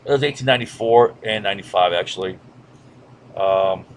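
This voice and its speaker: A man's voice: on the low side, a little fast, slight background noise. A man giving a casual history lecture over a map, with lots of fillers and "right?" checks. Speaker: history teacher.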